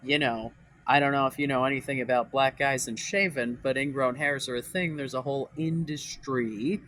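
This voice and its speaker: A man's voice: medium pitch, fairly even intonation, normal speed, fairly bright tone, low-quality recording. Rambling, profane young man vlogging. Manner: rambling, profane, exasperated, many fillers and restarts. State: voice cracking after crying. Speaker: dating advice vlogger. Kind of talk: casual ranting vlog.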